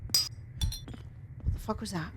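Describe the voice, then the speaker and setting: A woman streaming a video game live, talking excitedly to herself and her chat, often swearing. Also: very slow, background noise. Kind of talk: live gaming commentary.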